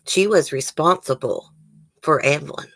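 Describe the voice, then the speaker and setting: Tearful low-voiced woman streaming to chat. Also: normal speed, fairly bright tone, no room sound. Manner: emotional, tearful, sighing, talks to chat. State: near tears. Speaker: true crime channel host. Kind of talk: livestream chat with viewers. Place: home, near the case area.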